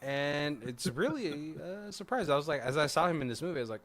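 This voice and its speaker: A man's voice: on the high side, a little fast, slight background noise. Guy hosting a podcast, voice bouncing all over, keeps cracking up at his own jokes. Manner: animated, laughs often, talks in loose run-on bursts. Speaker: podcast host. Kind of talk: casual chat reviewing a film.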